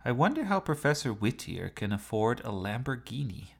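A man's voice: mid-range voice, big pitch swings, normal speed, creaky, pitched above the performer's own voice. A man voicing an eager, impulsive young male student with an earnest manner.

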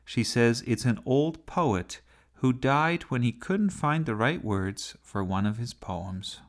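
A man voicing a bossy, imaginative young girl in a children's storybook reading, his voice raised high. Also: lively intonation, slow. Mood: chatty.

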